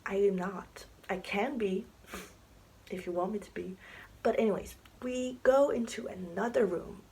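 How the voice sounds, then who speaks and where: A young woman chats her way through a story for her vlog, full of fillers and often sinking into a whisper. Her voice is mellow and a little husky, with gravelly fry at the ends of lines. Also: mid-range voice, measured pace, low-quality recording. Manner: chatty, many fillers, often drops to a whisper. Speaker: vlogger. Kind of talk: casual storytime. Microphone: camera mic, sitting to film.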